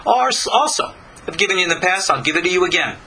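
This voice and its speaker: An older man from Long Island, giving a slow, deliberate spiritual lecture with many pauses. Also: high voice, animated, sharp tone, a little hiss or hum, poor audio. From Long Island, New York. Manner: slow, deliberate, pausing between phrases. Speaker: spiritual teacher.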